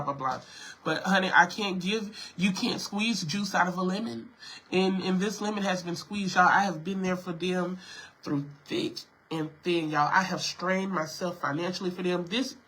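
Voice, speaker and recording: A man's voice: high voice, bright, forceful tone, poor audio. A sick man, venting to his viewers on a livestream from home and coughing. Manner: emotional, repetitive, addresses viewers as y'all. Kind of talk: casual livestream talk.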